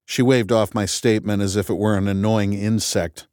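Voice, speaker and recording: A man's voice: lowish voice, fairly even intonation, moderate pace, few pauses, a little mellow, dry recording. Man narrating in first person, wry conversational read, dead dry booth. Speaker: audiobook narrator.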